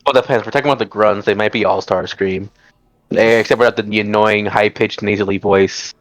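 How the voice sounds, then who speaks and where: A man's voice: lowish voice, steady tone, a little fast, dry recording. A man playing in a tabletop role-playing game over a voice call, rambling, laughing a lot, swearing and tripping over his words. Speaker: player. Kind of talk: casual play chatter on a voice call. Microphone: voice call microphone.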